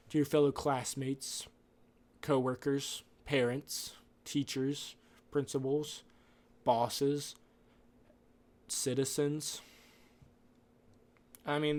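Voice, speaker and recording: A man's voice: medium pitch, a little mellow. A man hosting a podcast, rambling off script through an opinionated casual monologue. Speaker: podcast host.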